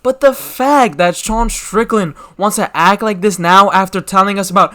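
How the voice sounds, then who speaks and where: Young man, high-pitched, dry close mic, casual slangy commentary, animated rhetorical questions. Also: normal speed, few pauses, dry recording. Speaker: MMA commentary channel host.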